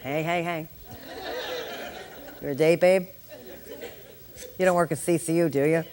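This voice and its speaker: A woman's voice: low-pitched, fairly even intonation, measured pace, darkish tone, a faint crowd. A woman in her sixties, a veteran nurse educator, giving a live exam-prep lecture full of joking, chatty asides to the class. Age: 60s.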